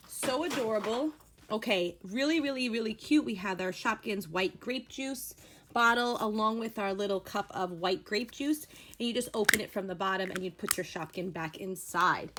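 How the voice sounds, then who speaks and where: A young woman hosting a toy unboxing, gushing and gasping with delight as she talks casually to her viewers. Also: on the high side. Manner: gushing, excitable, gasps and squeals of delight.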